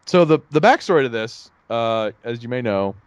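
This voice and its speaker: A man co-hosting a podcast, chatting casually in a rambling, animated way and laughing at his own jokes. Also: medium pitch, normal speed, clean tone, no room sound. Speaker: podcast co-host. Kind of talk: casual chat.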